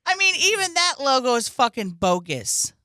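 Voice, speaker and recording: A woman speaks in a bright, tense voice whose pitch jumps around a lot. She chats bluntly and wryly, swearing freely. The sound is dry and close. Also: sing-song, moderate pace, no echo. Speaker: podcast guest. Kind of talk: casual podcast chat.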